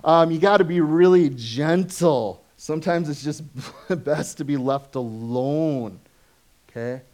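A man preaching a sermon as pastor, conversational and full of questions to the congregation, swinging from animated stories to soft, low asides. He has children of his own. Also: takes it slowly. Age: adult, has children.

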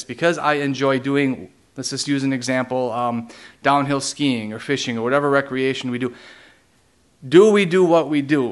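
A man preaching a sermon as pastor, teaching theological ideas and putting question after question to his congregation. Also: mid-range voice. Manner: asks the congregation many rhetorical questions; teaching, explains theological terms.

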